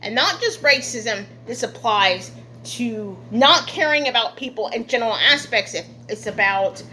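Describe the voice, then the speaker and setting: A woman vlogger talking through an indignant monologue, halting often with fillers. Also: fairly high pitch, animated, bright, forceful tone, a little hiss or hum. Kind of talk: casual opinion monologue.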